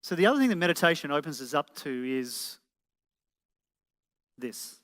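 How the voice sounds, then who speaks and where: He speaks on the high side in a sing-song way, at a moderate pace with a slightly bright tone. This motivational speaker is presenting live in an event hall, peppering listeners with rhetorical questions amid the hall's reverb.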